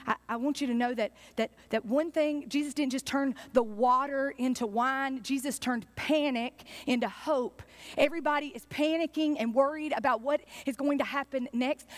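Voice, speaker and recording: Woman pastor, impassioned sermon, high voice, repetitive build.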